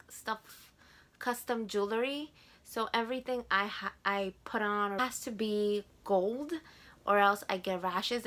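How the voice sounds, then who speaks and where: A woman in her twenties with a Spanish accent talks to camera in a casual haul vlog. Her voice is slightly high with a sharp tone, and she gushes, repeating words for emphasis.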